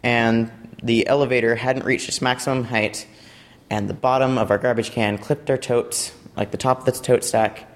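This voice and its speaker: Young man, robotics team member, casual explainer, rambling, playful asides, mid-pitched voice. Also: level tone, normal speed.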